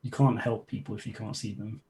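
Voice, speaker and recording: A man running a tabletop game as game master, chatty and quick to laugh between rulings. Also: fairly low pitch, fairly even intonation, darkish tone.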